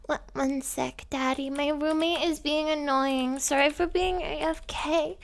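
A woman putting on a high sugary baby voice. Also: steady tone, vocal fry. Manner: slow, sugary, giggly baby talk. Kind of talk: comedy skit.

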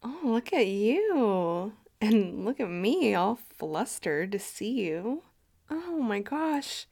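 A woman's voice: mid-range voice, big pitch swings, takes it slowly, heavily acted. A woman voicing a flirtatious, doting middle-aged mother in a whispered role-play, cooing and murmuring her lines. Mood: doting welcome. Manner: coos and murmurs, soft breathy asides.

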